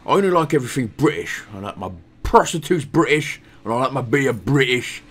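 A man's voice: medium pitch, expressive, brisk, fairly bright tone, breathy edge. A man putting on a boastful, over-the-top British patriot bloke as a joke, bragging in an exaggerated way. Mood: mock-proud.

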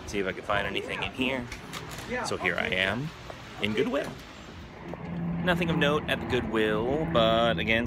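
A man's voice: fairly low pitch, background noise. A man hosting a casual daily vlog, narrating his errands and cooking with chatty, self-mocking asides. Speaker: vlog host. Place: car, stores and home kitchen.

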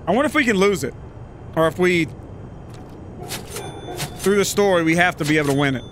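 A man's voice: high voice, lively intonation, a little fast, fairly bright tone, faint music behind. A young adult American man giving profane, joking commentary as he plays a video game and reads game text aloud. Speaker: gaming YouTuber.

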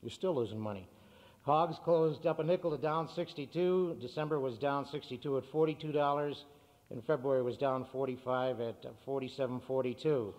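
A man's voice: mid-range voice, a little mellow. A man, a farm radio broadcaster, addressing a meeting and reading market prices in an upbeat manner. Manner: upbeat, reads figures briskly. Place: meeting hall. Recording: cassette with hall reverb.

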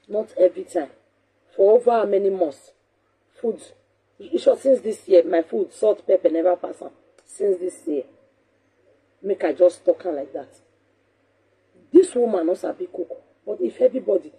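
Husky, mellow Nigerian woman host. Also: mid-range voice. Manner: animated, scolding, repeats points for emphasis. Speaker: talk show host. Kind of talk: casual talk show monologue.

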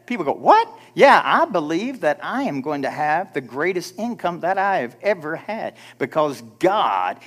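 Higher-voiced preaching man. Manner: emphatic, exhorting preaching with rhetorical questions; acts out quoted people in mock voices. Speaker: pastor. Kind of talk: sermon. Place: church.

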